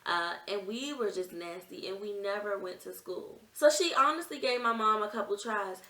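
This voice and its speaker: Young woman, vlogger, bright voice, earnest storytelling, echoey room, a bit off-mic. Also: mid-range voice, normal speed, hardly any pauses, far from the mic. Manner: emotional, earnest, conversational retelling. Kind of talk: personal storytelling vlog.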